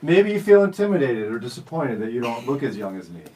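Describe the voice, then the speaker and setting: A man's voice: mid-range voice, big pitch swings, fast, a little mellow, recorded from a distance, a little hiss or hum, poor audio. A man in his forties hosting a radio show, telling stories in a jokey, self-teasing way. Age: 40s. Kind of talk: casual studio chat. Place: radio studio.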